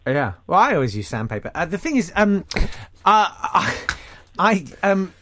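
A man's voice: sits high, big pitch swings, moderate pace, fairly bright tone, slight background noise. A man hosting a casual radio chat, joking and rambling with lots of restarts. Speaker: radio host.

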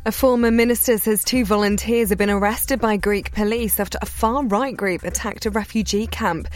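A woman's voice: medium pitch, fairly even intonation, moderate pace, faint music behind. A woman reading a radio news bulletin, then bantering and laughing with her co-host. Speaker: newsreader.

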